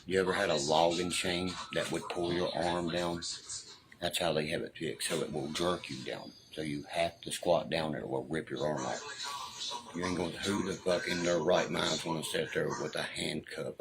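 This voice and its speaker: A man's voice: deep voice, fairly even intonation, moderate pace, gravelly, noisy background. A man telling a story in a casual, agitated way, swearing constantly. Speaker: storyteller on a live stream.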